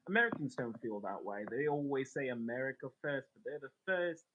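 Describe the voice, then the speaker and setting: A man's voice: mid-range voice, lively intonation, brisk, fairly bright tone, a little hiss or hum. A man streaming live, chatting casually and sarcastically, swearing as he answers his chat. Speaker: livestreamer. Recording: tinny phone-like sound.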